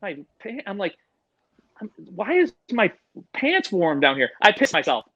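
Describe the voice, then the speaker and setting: Animated, bright-voiced storyteller man. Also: high-pitched, measured pace, no echo, muffled recording. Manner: animated, swears freely, acts out voices in his stories. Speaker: podcast guest, animal educator. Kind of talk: casual storytelling.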